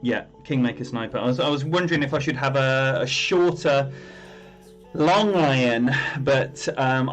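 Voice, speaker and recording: Male streamer, chatty live game commentary, mid-pitched, soft music bed. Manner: chatty, rambling, greets viewers by name.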